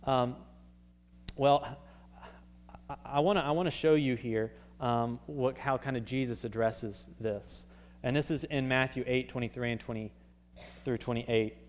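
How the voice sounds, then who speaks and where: A young man preaching a sermon in a relaxed, conversational way, with frequent fillers and restarts. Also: mid-range voice, unhurried, long pauses. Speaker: pastor. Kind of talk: casual sermon.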